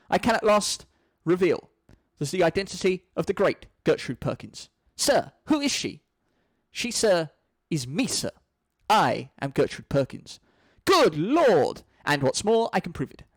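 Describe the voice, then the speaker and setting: A man's voice: sits high, sing-song, unhurried, no room sound, full character voice. A man reading a screenplay aloud, voicing a pompous, proud old male lexicographer who speaks grandly and indignantly. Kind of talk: screenplay read-through.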